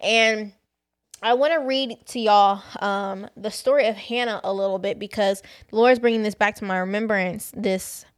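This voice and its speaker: This faith podcast host speaks in a steady, medium-pitched voice at normal speed. She shares a personal story frankly and talks directly to her audience, keeping it conversational and addressing them as "y'all."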